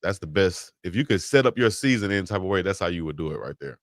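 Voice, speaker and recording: A man's voice: sits low, expressive, fast talker, no room sound, studio quality. A man co-hosting a casual sports talk show, joking and trading banter with his co-hosts. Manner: joking, trash-talking banter. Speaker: co-host.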